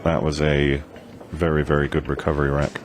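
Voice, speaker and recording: Male pool commentator, very low voice, easygoing and chatty, booth hum behind. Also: level tone, a little fast. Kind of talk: live sports commentary.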